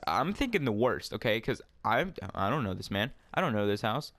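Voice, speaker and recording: A man's voice: mid-range voice, sing-song, a little fast, few pauses, fairly bright tone, dry recording. A young man casually telling a rambling story, full of fillers and swearing, while playing a game at home. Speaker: storyteller vlogger.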